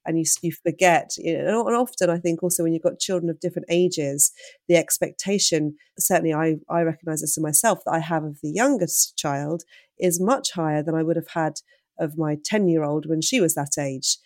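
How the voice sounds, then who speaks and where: A woman's voice: deep voice, fairly quick, a little mellow, no room sound, studio quality. A woman hosting a podcast, asking questions and chatting with her guest about her own children. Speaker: podcast host. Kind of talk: podcast interview.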